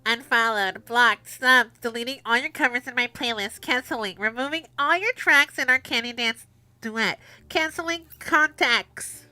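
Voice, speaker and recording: A woman's voice: fairly high pitch, moderate pace, sharp tone, dry recording, pitched above the performer's own voice. A woman putting on the voice of a petulant, dramatic young man as she reads chat messages aloud. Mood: indignant. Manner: petulant, huffy.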